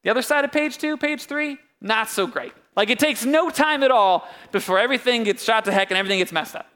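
Bright-voiced young man preaching a sermon. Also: fast talker. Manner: casual and joking, with wide swings of pitch and loudness. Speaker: pastor. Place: church.

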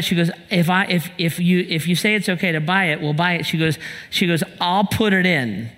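A man's voice: on the high side, a little fast, a bit bright, big-room sound. A male pastor giving a conversational sermon, asking rhetorical questions and telling personal stories.

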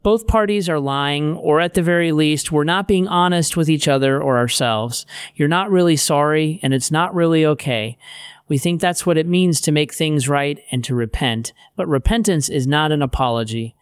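Middle-aged male author-narrator, steady wry teaching read, clean resonant voice. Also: a little high, moderate pace, clean tone, no echo, clean studio sound. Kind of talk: audiobook narration of a Christian teaching book.

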